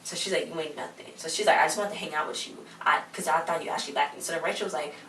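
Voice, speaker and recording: A young woman recapping a TV episode in casual chat, quoting characters with animated asides. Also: sits low, racing, creaky. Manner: chatty, quotes characters in exaggerated asides. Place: home in a hot desert city. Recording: roomy, distant mic with faint hiss.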